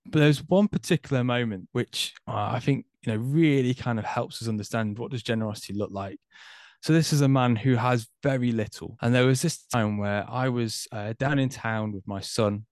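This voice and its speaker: A man's voice: mid-range voice, normal speed, darkish tone, no room sound, clean studio sound. A man in his thirties talks reflectively about faith and generosity, hesitating often with fillers. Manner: thoughtful, hesitant, many fillers. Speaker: guest.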